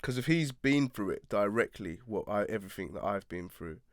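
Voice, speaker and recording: Low-voiced man, relaxed chat. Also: fairly quick, no room sound, studio quality. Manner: relaxed, reflective, laughs often. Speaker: radio presenter, guest. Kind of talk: casual interview chat. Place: small attic studio.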